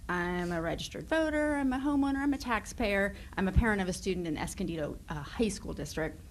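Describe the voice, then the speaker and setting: A woman's voice: medium pitch, animated, brisk, a little hiss or hum, low-quality recording. A woman, a parent and activist, speaking earnestly in public comment at a school board meeting into a podium microphone. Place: meeting chamber.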